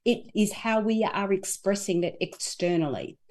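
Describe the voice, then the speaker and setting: A woman talking as a guest in an interview, animated and acting out her own inner dialogue. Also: mid-range voice, moderate pace. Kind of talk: conversational interview.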